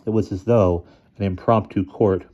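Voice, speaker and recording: A man reads a short story aloud, steady and measured. His voice sits low with a dark, mellow tone. The recording sounds dull and lo-fi. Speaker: story reader. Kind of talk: storybook reading.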